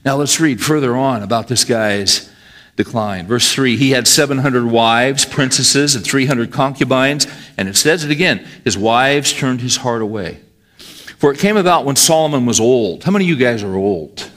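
A middle-aged male pastor preaches conversationally, often putting questions to the congregation. His voice is medium-pitched with a fairly bright tone at a moderate pace.

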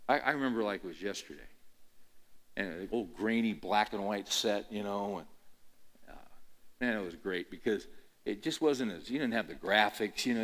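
A man's voice: lowish voice, a bit bright. Older man preaching in a folksy ramble. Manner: rambling, folksy storytelling that builds to emphatic repetition. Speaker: pastor. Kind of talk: conversational sermon.

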